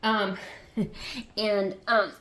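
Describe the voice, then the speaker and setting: A woman's voice: medium pitch, little pitch movement, extremely slow, fairly bright tone, slight background noise. A woman teaching a hands-on craft step by step, patient and chatty, checking in with the viewer often. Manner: patient, repeats steps and checks in with frequent "okay?"; chatty and homey, with playful "ta-da". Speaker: crafter teaching sock machine knitting. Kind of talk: step-by-step tutorial.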